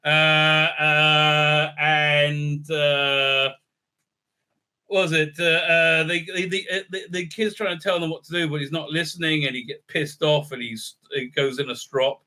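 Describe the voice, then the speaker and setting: A man's voice: on the high side, steady tone, a little slow, sharp tone, smooth. A man giving a sarcastic, profane recap review full of fillers and restarts. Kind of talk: casual ranting recap.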